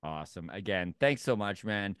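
A man's voice: lowish voice, lively intonation, moderate pace, a bit bright, clear, resonant tone, dry recording, clean studio sound. A man hosting a podcast interview, easygoing and friendly as he asks questions and thanks his guest. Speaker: podcast host.

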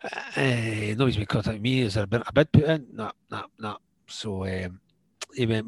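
A middle-aged Scottish man, a former footballer, telling stories in a lively way, acting out what others said and laughing along. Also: lowish voice, moderate pace, slightly rough, dry recording. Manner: animated, acts out quoted dialogue, laughs often. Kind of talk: storytelling anecdotes in conversation.

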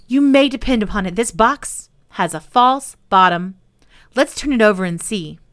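A woman voicing a schoolboy who loves to tease his sister and gets excited. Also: mid-range voice, normal speed, no room sound, clean studio sound, lightly acted. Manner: mock-mysterious, teasing.

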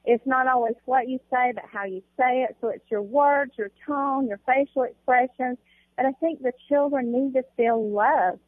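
A woman's voice: sits high, normal speed, no room sound. Southern woman on a tinny phone line. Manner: calm, gentle. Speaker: podcast guest, pastor's wife. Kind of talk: interview answers.

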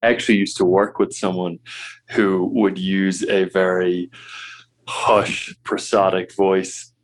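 A male podcast host with a somewhat low voice chimes in with his own reflections. He speaks thoughtfully in an interview conversation. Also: little pitch movement, unhurried.

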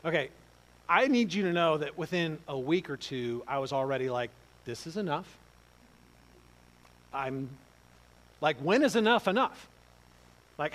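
Animated pastor. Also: male voice, a little high, low-quality recording. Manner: conversational, animated, swings from quiet asides to loud exclaims. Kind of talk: storytelling sermon.

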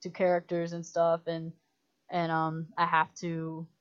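A woman chats on a podcast in a low-pitched voice, spinning animated stories full of fillers and quoted dialogue. The audio is dull and lo-fi, like a budget podcast recording. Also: a little slow, clear, resonant tone. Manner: animated storytelling, many "like"s, acts out quotes. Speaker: guest filmmaker. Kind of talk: casual podcast chat.

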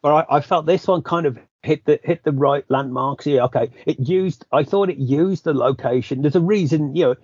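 A man's voice: on the high side, moderate pace, few pauses, a little mellow, slightly rough, no echo, muffled recording. A British man co-hosting a podcast, chatting casually about a film, rambling with lots of restarts. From Britain. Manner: rambling, self-correcting, many restarts. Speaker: podcast co-host.

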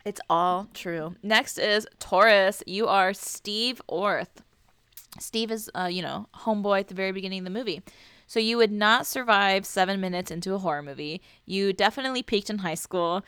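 A woman's voice: medium pitch, normal speed, a bit bright, clean tone, dry recording. A woman co-hosting a podcast in casual chat, crude and playful, laughing often. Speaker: podcast co-host.

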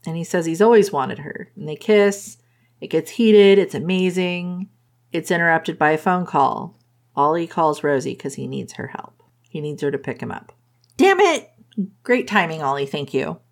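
A woman's voice: low-pitched, moderate pace, gravelly. A woman casually retelling a romance novel's plot, laughing often and playfully quoting the characters. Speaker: book reviewer recapping a romance novel.

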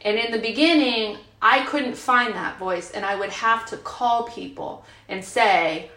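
50ish woman sharing at a recovery meeting, frank and chatty, slightly high voice, roomy echo. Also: measured pace, few pauses, bright, forceful tone. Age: 50s. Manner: chatty, frank, many fillers. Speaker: recovery group speaker. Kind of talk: casual group share. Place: retreat meeting room. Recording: roomy, imperfect recording.

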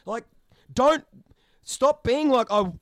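Fired-up swearing man, high voice. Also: lively intonation, normal speed, no room sound. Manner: fired up, swears constantly, ranting. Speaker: podcast co-host. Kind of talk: heated casual chat.

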